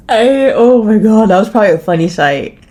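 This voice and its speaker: On her solo podcast, an American host rants in a mellow, mid-range voice with lively intonation, speaking a little slowly. Her talk is rambly and full of swearing, restarts, and endless "like"s.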